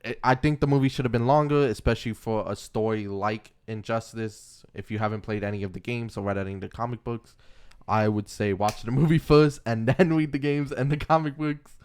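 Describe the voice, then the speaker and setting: Smooth-voiced young man, casual podcast chat. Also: medium pitch, brisk, a little mellow. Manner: chatty, self-correcting, laughs easily. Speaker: podcast co-host. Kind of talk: casual chat about comics and movies.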